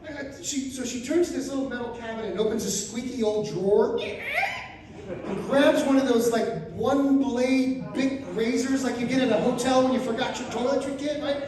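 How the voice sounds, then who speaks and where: A male stand-up comedian telling an animated story to a live audience, acting out the people in it and rising to shouts. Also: extremely high pitch, moderate pace, a crowd in the background. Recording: echoey room, mic from far off.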